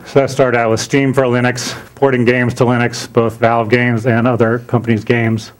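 A man's voice: mid-range voice, normal speed. Man giving a conference talk. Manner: relaxed, with frequent "uh" fillers and restarts. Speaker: conference speaker. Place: conference room.

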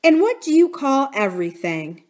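A woman's voice: high voice, big pitch swings, moderate pace, a little mellow, pitched above the performer's own voice. A woman reading aloud, voicing a kindly, anxious middle-aged housekeeper who asks startled, earnest questions. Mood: alarmed.

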